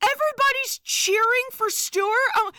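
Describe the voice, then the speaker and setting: A woman co-host gushes through a movie recap in an animated, laughing way, dropping the odd swear. Her voice is high and bright. The sound is dry and close. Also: normal speed, no echo. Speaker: podcast co-host. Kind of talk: casual movie recap chat.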